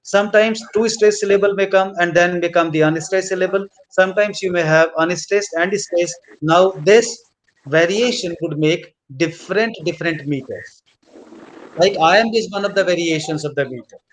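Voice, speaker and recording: A man teaching a literature class, repeating key points slowly as if dictating notes. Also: high-pitched, slight background noise. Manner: mixes in Hindi instructions. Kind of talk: classroom lecture.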